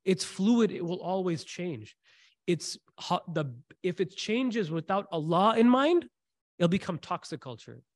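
A slightly high-voiced man leads a Quranic commentary class. He preaches in a lively, conversational way and slips into quick Arabic recitation. The sound is close and dry. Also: dry recording. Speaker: religious teacher.

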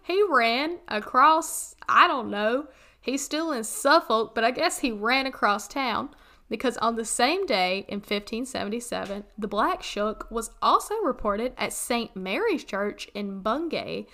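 A woman with a Southern US accent co-hosts a podcast in easy, casual chat. Her voice is bright and sits a little high. She is animated, laughs often and tosses in asides as she tells a story. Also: measured pace. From Western North Carolina. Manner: animated, laughs often, reads old text aloud with asides. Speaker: podcast co-host.

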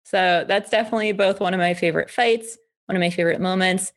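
A woman's voice: medium pitch, fairly even intonation, fast talker. A woman co-hosting a casual anime discussion, talking with playful, teasing asides. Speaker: co-host.

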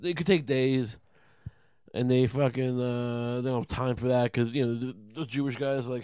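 A young man talks in a loose, rambling way, full of swearing and sarcasm. He restarts his sentences again and again. His voice has a middling pitch and sounds dry and close to the mic. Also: fairly even intonation, normal speed, warm tone, smooth, no echo. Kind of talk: casual profane retelling.

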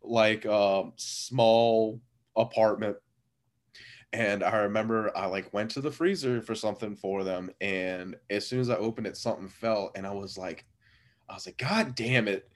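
A man's voice: lowish voice, fairly even intonation, moderate pace. Laid-back rambling man telling stories. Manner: laid-back, rambling with many fillers and frequent laughs. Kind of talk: casual storytelling chat.

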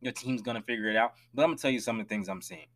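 A man's voice: mid-range voice, rapid-fire. Emphatic man ranting on a podcast. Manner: emphatic, swings between loud and hushed; direct, addresses listeners as y'all. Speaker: podcast host. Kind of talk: solo sports podcast rant.

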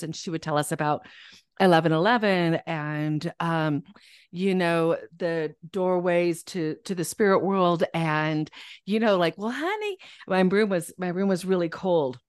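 A woman guest author in a casual podcast interview, telling family stories in a lively way, acting out the voices she quotes and laughing often. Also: lowish voice, moderate pace, clean tone, no echo, clean studio sound.

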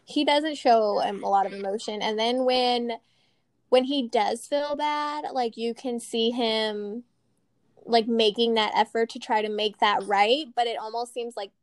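A woman's voice: a little high, measured pace. A young woman chatting casually as a podcast co-host, giggling and using lots of fillers. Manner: giggly, filler-heavy talk. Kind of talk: casual chat.

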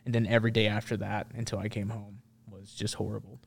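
A man's voice: lowish voice, level tone, fast talker, creaky, slightly rough. A man, a military veteran, telling a story as a podcast guest in a loose, rambling way full of restarts. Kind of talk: casual storytelling.

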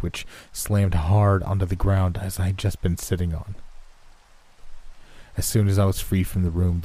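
A man with a low, dark and mellow voice narrates a horror story in a measured, steady way. Rain and thunder roll behind him.

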